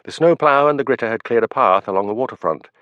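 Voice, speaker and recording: A man narrating an audiobook in a measured storytelling manner, in a dull, dry recording. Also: medium pitch, expressive, no room sound. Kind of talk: scripted narration.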